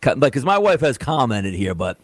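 Rambling, animated male sports radio co-host. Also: medium pitch, normal speed, dry recording. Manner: rambling, filler-heavy, lots of "like". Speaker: sports betting show co-host. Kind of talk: casual sports chat.

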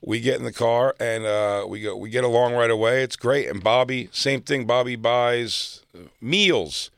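A man from South Jersey telling a long, animated comedy anecdote and acting out other people's lines. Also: mid-range voice, moderate pace, creaky, no room sound, clean studio sound. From South Jersey, near Philadelphia. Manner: animated anecdote teller, acts out quotes. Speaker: comedian guest. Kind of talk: casual storytelling chat.

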